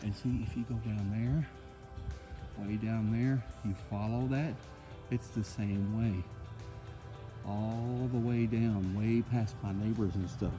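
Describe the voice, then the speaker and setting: A man's voice: fairly low pitch, fairly even intonation, slow, music in the background. Rambling man filming his home. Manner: rambling, repeats himself, conversational. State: short of breath at times. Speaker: homeowner vlogger. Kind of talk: casual walkthrough video. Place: inside his house and outside in the yard.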